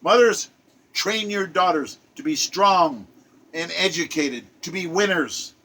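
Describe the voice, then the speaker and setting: Delivering a preacherly monologue, an older self-published poet exhorts his listeners and repeats phrases for emphasis. His voice runs a little high with lively intonation, a little slow, bright and forceful.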